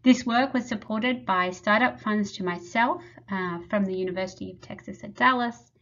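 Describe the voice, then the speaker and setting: A woman who heads a lab, giving a measured, explanatory webinar presentation. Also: mid-range voice, fairly bright tone. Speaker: lab head presenting research. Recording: slightly muffled webinar audio.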